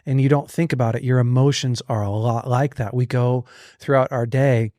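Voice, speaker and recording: A man hosting a podcast in casual chat, telling stories and acting out inner thoughts in lively bursts. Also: medium pitch, moderate pace, no room sound, studio quality. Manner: animated, acts out inner thoughts. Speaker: podcast host.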